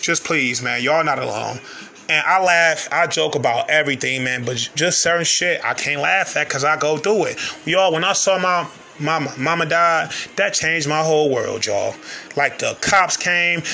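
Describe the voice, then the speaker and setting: A young man hosting a podcast, with a fairly high and very bright voice. He talks in an earnest, confiding way and calls out to his listeners often. A faint hiss runs underneath. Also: vocal fry. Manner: earnest, confiding, peppers talk with "man" and "y'all". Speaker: podcast host. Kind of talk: personal storytelling monologue.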